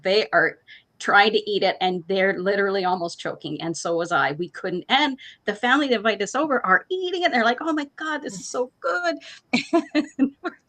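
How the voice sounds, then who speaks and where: A middle-aged woman co-hosting a morning show, telling family food stories in a casual chat and acting out relatives in higher voices, laughing often. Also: fairly bright tone.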